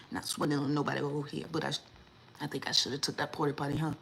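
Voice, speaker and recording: A woman, hosting a casual livestream chat and telling stories in a lively, indignant way, acting out what people said. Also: sits low, fast, gravelly, heavy background noise. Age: 40s. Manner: animated storytelling, acts out quotes, lively and indignant. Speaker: livestream host.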